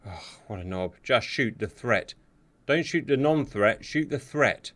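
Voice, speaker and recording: A man commentating on a simulated air and sea battle, excitable and sarcastic, talking straight to his viewers. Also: medium pitch, unhurried. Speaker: war game commentator. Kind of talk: live gameplay commentary. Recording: steady hiss behind the voice.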